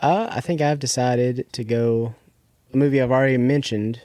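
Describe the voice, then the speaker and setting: A man's voice: medium pitch, steady tone, moderate pace, a little mellow, no room sound. A man co-hosting a podcast, chatting casually and rambling through a retelling, full of fillers and acted-out quotes. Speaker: podcast co-host. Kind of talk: casual chat.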